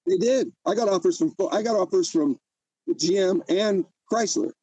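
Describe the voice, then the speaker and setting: Older guy, husky mellow voice, dry sound, keeps restarting, worked up. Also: sits high, moderate pace, no room sound, rough recording. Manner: agitated, repeats himself, restarts often. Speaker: interview guest. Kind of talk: emotional personal story.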